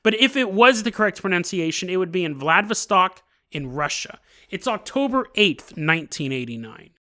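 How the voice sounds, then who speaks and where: A man hosting a podcast, telling a story casually with joking asides and quick laughs. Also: high-pitched, big pitch swings, pushed and bright. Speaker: podcast host.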